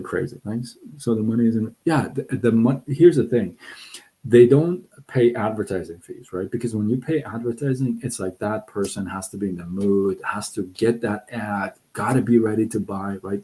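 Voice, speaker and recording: A middle-aged man hosting a casual live stream, talking in an animated, excitable way with frequent restarts. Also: on the low side, poor audio. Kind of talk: casual livestream talk. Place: Southern California.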